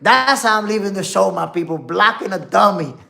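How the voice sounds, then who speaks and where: A man's voice: high-pitched, moderate pace, gravelly, sharp tone. A young man hosting a boxing livestream, ranting heatedly and cursing, calling his viewers "my peoples". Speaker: boxing show host. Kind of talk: casual livestream commentary.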